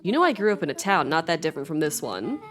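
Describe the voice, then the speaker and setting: A caring, stern mother who teases and grounds her daughter, played by a woman streamer. Her voice sits low and even, and faint music runs behind it. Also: quick pace. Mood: motherly. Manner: warm scolding, motherly.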